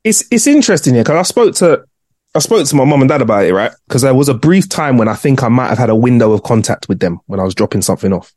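A man's voice: medium pitch, animated, fast talker, a little mellow, no room sound, studio quality. A young man, a playful co-host riffing in casual chat. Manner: playful, riffing with put-on voices. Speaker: podcast co-host.

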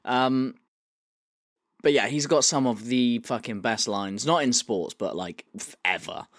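A man's voice: medium pitch, measured pace, fairly bright tone, no echo, clean studio sound. A man hosting a casual podcast, presenting a segment, swearing freely and laughing as he talks. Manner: swears freely, laughs often, reads quotes aloud.

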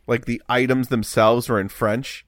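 A man's voice: mid-range voice, normal speed, dry recording. A young man co-hosting a podcast, telling funny stories with lots of laughter and restarts. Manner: animated storyteller, laughs often, restarts lines. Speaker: podcast co-host. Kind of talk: casual storytelling.

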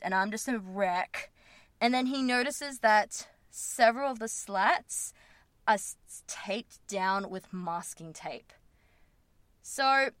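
A woman's voice: mid-range voice, a bit bright, dry recording. A woman hosting a podcast, telling a story in a frank, casual way, swearing freely and laughing at herself. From Australia. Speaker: podcast host.

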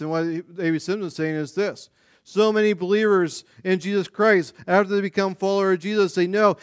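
Male pastor, high voice, smooth and clear, dry close sound, lively conversational sermon. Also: brisk, no echo. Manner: animated, conversational preaching with frequent restarts.

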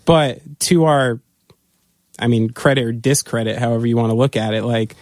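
A man's voice: mid-range voice, normal speed, a little mellow, no echo, clean studio sound. Casual, rambling man telling road stories. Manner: loose, swearing, laughing storyteller with many fillers. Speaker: band drummer, guest. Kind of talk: casual interview storytelling.

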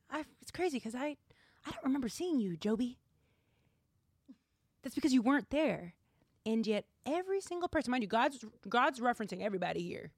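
Giggly young woman, fairly high voice. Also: very animated, a little fast, long pauses, husky, dry recording, clean studio sound. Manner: chatty and giggly, full of "like". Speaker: podcast host. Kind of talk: casual chat.

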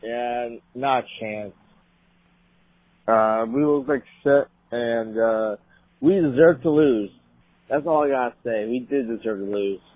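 A man's voice: mid-range voice, unhurried, no echo. A man calling in to a sports podcast, frustrated and swearing as he complains. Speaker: caller. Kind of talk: call-in sports chat. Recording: dry tinny phone line.

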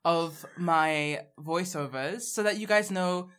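Lower-voiced woman, animated podcast co-host. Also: clear, resonant tone. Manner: animated and teasing, with quick bursts. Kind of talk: casual chat.

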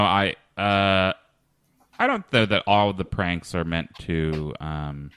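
A man hosting a comedy podcast, talking hesitantly with many fillers and a deadpan manner. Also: low-pitched, clear, resonant tone, no room sound, studio quality. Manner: hesitant, lots of ums and restarts, deadpan. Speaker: podcast host. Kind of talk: casual comedy podcast chat.

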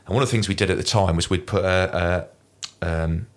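A middle-aged Englishman with a low, deep voice tells stories from his Marine days at a brisk clip. He is animated and slips into other people's voices when he quotes them. He speaks as the guest in a casual interview. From Kent, England. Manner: animated anecdote teller, mimics voices in quoted lines. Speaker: guest, former Royal Marine.

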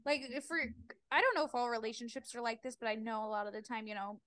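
A young woman co-hosting a casual podcast, laid-back and laughing often, throwing in quick quips. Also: on the high side, fairly bright tone, dry recording. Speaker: podcast co-host. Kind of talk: casual chat.

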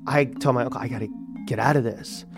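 A man in his thirties telling a personal story, animated and acting out the people he quotes. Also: medium pitch, fast talker, gravelly, over loud music. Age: 30s. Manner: animated, acts out quoted voices. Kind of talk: personal story told to a radio audience.

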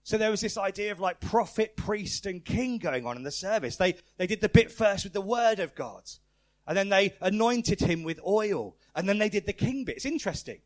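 Man, high voice, preacher, animated family sermon, playful, quizzes the congregation. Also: moderate pace. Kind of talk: lively family-service sermon. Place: church service with congregation.

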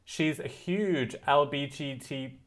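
A man co-hosting a podcast, talking in an effusive, excitable, gushing way. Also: medium pitch, slow pace. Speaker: podcast co-host. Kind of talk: casual chat.

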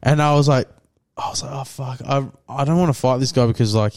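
A man's voice: mid-range voice, quick pace. A man co-hosting a podcast, telling a story full of swearing and acted quotes in casual chat. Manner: swears often, animated retelling with acted quotes. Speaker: podcast co-host.

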